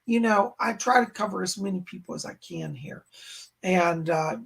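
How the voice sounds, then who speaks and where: A man hosting a live stream as a psychic medium, hoarse and clearing his throat, greeting viewers with exuberant casual chat and calling himself by name. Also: high voice, lively intonation, normal speed. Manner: exuberant, calls himself by name in the third person.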